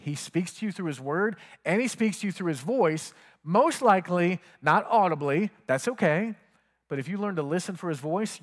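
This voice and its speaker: A pastor preaches a sermon in a voice on the high side with a fairly bright tone, the sound carrying like a big room. He keeps it conversational and asks the congregation questions.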